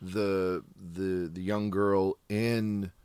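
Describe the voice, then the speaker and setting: A man's voice: low voice, level tone, very slow, darkish tone, smooth, dry recording. A man chatting casually on a podcast, rambling, searching for words and laughing often. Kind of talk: casual chat.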